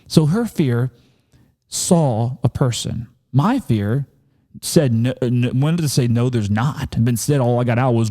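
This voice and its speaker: A man's voice: mid-range voice, unhurried, dark tone. Earnest man telling a story and preaching. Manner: earnest, builds to emphatic preaching. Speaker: podcast host.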